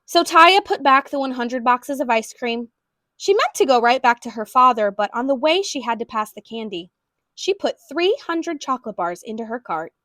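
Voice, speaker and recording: A woman reading a children's storybook aloud in an expressive way. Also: high voice, normal speed, dry recording, clean studio sound. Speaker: storybook reader.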